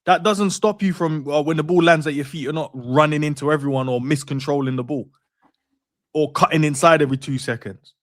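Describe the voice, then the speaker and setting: A man's voice: fairly high pitch, brisk, no room sound, studio quality. A man co-hosting a football chat, arguing his point emphatically and repeating phrases for effect. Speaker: podcast co-host. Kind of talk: casual football discussion.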